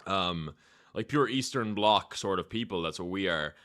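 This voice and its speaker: Young man, casual streamer chat, low pitch, clear resonant tone, desk mic, typing behind. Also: animated, moderate pace. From Ireland. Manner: laid-back, reads chat aloud, thinks out loud. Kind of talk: casual live-stream chat while playing chess.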